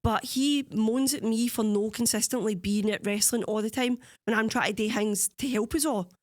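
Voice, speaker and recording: A Scottish woman co-hosting a casual podcast with a fairly high voice. She tells stories in an animated way, swearing freely and mimicking the people she talks about. The sound is close and dry. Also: normal speed, no echo. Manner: animated storytelling, swears freely, imitates others. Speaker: podcast co-host. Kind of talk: casual chat.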